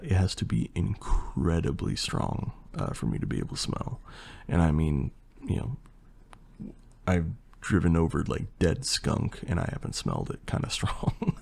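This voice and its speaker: A young man with a hoarse, partly lost voice, chatting casually and rambling through a Q&A as an ASMR creator. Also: sits low. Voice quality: gravelly and husky. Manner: relaxed, rambling, with fillers and swearing. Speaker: ASMR creator answering questions. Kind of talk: casual Q&A chat.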